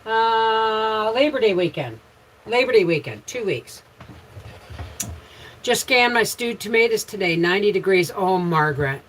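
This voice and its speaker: A woman's voice: mid-range voice, animated, unhurried, slight background noise, low-quality recording. A middle-aged woman with a Canadian accent hosting a casual home livestream, chatting about her day and greeting viewers by name. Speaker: homesteading livestream host. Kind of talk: casual live chat with viewers.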